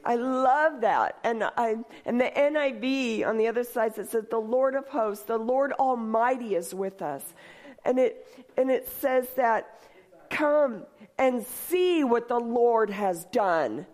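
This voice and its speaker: A woman leading worship in church, reading scripture at a slow, deliberate pace in a slightly high voice. She then moves into lively, conversational preaching and laughs often as she talks. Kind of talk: sermon.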